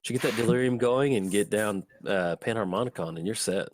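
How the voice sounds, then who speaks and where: A man hosting a casual card game session with friends, upbeat and quick to laugh. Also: lowish voice, no room sound, studio quality. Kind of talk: casual chat while playing a card game.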